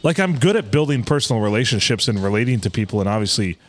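A man's voice: on the low side, animated, fast, soft background music. A man with a Michigan accent, co-hosting a podcast in candid casual chat, swearing now and then. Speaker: podcast co-host.

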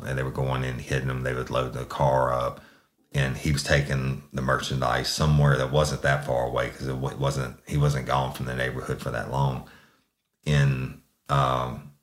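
Man, extremely low voice, roomy echo, profane rambling storyteller. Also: a bit bright. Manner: profane, drawling, rambling with restarts. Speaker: podcast host telling a true crime story. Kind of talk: casual storytelling.

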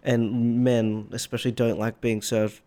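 A man in casual chat, reacting to a friend's story with quick interjections. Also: mid-range voice, flat delivery, mellow.

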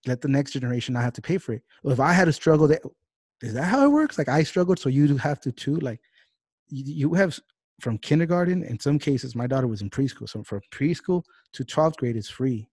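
A man's voice: medium pitch, a little mellow, no room sound, studio quality. A man hosting a podcast, ranting heatedly and swearing freely in casual talk. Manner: heated, profane, fast-talking rants. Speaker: podcast host. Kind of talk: casual political rant.

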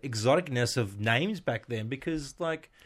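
Mid-range male co-host, quick jokey banter with stammered restarts. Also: medium pitch, animated. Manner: jokey riffing with stammered starts. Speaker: podcast co-host. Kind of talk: casual chat.

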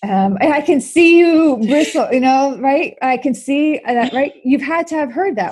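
A woman hosting an interview, asking probing questions in a lively, animated way. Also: high voice, moderate pace, hardly any pauses, slight background noise. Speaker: host. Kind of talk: interview conversation.

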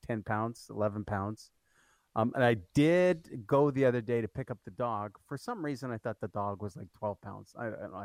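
A man's voice: medium pitch, no room sound. A man co-hosting a sports radio show, telling rambling stories full of fillers. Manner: rambling storyteller, many fillers. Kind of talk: casual sports radio chat. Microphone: studio microphone.

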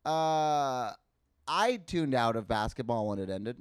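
A man's voice: medium pitch, expressive, slow pace, clean tone, dry recording. A man co-hosting a casual sports podcast, his voice rising and falling all over the place as he rambles and jokes. He sits close to the mic in a dry, dead room. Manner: rambling, joking, laughs often. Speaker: podcast co-host.

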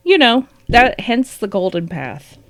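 A woman's voice: a little high, very animated, measured pace, creaky, dry recording. A woman co-hosting a podcast, chatting casually, often laughing and swearing with sarcasm. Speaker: podcast co-host. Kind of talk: casual chat.

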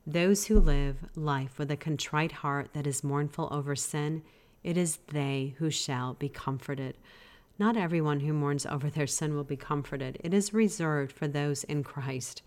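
A woman with a notably low voice hosts a devotional podcast. She teaches in an earnest, gently exhorting manner, speaking close to the microphone. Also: measured pace. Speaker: podcast host.

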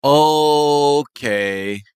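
A man's voice: a little high, extremely slow, darkish tone, clear, resonant tone. A man co-hosting a podcast, joking and riffing casually with frequent swearing. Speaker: podcast co-host.

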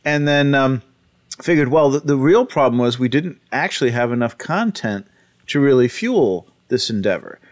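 A man speaks as a podcast guest in an easygoing, meandering way. His voice sits at an ordinary middle pitch. He circles back through his story with plenty of ums and restarts. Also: animated, moderate pace. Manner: rambling storyteller, many fillers and restarts. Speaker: guest, book author and publisher. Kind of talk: casual podcast interview.

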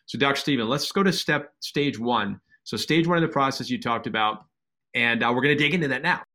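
A man with a bright, forceful tone shares his own experience on a podcast. He talks in an earnest, reflective way and repeats words for emphasis. The feel is casual and open. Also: mid-range voice, a little fast. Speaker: podcast co-host, chiropractor. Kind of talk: conversational podcast discussion.

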